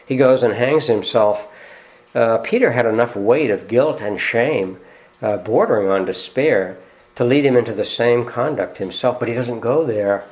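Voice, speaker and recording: A male pastor gives a sermon in an easygoing, conversational manner. He is mid-pitched and often pauses on "uh." He turns to his listeners with direct rhetorical questions. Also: darkish tone. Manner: frequent "uh" fillers.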